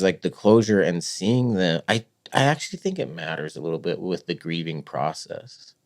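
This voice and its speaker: A man hosting a podcast, speaking in a soft, reflective way about grief. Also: low-pitched, lively intonation, moderate pace. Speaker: podcast host. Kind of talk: conversational interview.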